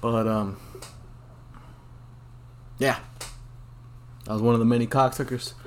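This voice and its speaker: Solo podcast host, male, mid-pitched, crude and rambling, swears constantly. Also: fairly even intonation, takes it slowly. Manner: rambling, profane ranting with frequent ums.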